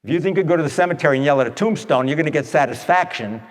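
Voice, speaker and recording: Very fast and on the high side, this man's voice has a big-room sound. He gives a chatty, folksy advice talk like a radio speaker, telling stories straight to his audience and acting out people's words.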